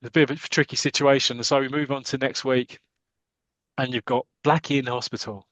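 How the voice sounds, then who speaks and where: A man's voice: mid-range voice, little pitch movement, a little fast, fairly bright tone, no echo. A man with a British accent hosting a podcast, retelling a comic story in chatty, jokey conversation. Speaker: podcast host. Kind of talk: casual chat, retelling a comic.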